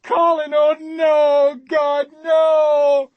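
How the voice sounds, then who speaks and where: A man's voice: monotone, drawn-out words, highs cut off, exaggerated voice. A man voicing a distraught woman, screaming and pleading frantically for her husband. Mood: frantic. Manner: high frantic shrieks and pleas.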